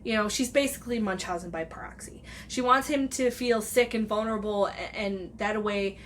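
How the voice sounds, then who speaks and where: Speaking at a normal speed in a mid-range voice, this woman rambles through a casual film review over slight background noise. She's chatty and lively, cursing often and performing the characters' quotes as she recounts the story.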